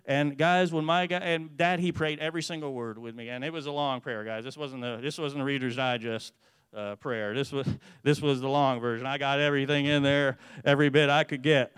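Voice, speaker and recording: A man's voice: medium pitch, brisk, clean tone, dry recording. Earnest man telling a church testimony. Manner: earnest storytelling, grows animated and loud when excited. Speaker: church speaker giving testimony. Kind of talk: testimony sermon.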